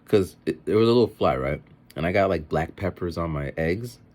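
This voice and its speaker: A vlogger and father eats at home while telling meandering stories to the camera, lively and mimicking the voices of people he quotes. He has a deep voice and talks fairly quickly.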